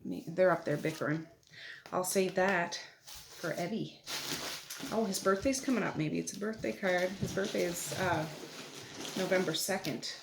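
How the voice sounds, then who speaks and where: A woman's voice: fairly low pitch, normal speed, gravelly, pauses often. Chatty woman in an echoey home. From Nova Scotia, Canada. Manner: chatty, warm asides with soft laughs. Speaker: vlogger. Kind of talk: casual chat while opening mail. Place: family home at night. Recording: echoey room, audible background noise.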